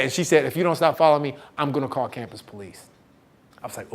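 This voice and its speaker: Animated man telling a story to students. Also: on the high side, fast talker, a little hiss or hum. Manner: animated, acts out the voices of people in his story; calls out to the audience and gets them to answer back. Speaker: motivational speaker. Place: campus event hall.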